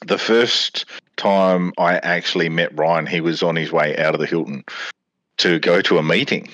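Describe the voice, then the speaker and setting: A man with a fairly low voice chats casually on a podcast and tells rambling stories. He acts out the lines people said. The sound is dry and close. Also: fairly even intonation, moderate pace, a bit bright, dry recording. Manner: rambling anecdotes with laughs and acted-out quotes. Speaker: podcast co-host. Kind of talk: casual chat.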